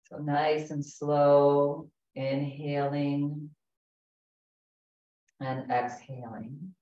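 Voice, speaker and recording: A woman instructor leading a chair yoga class, calm and gentle, giving slow breathing cues. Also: rumbling low. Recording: echoey, distant, dull room recording.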